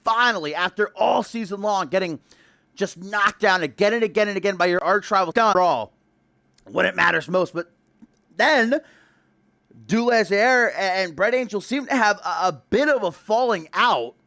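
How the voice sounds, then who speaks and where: A man's voice: high-pitched, lively intonation, moderate pace, pushed and bright, no echo. A young man calling a wrestling video game match as play-by-play commentator, building hype with casual asides to his stream chat.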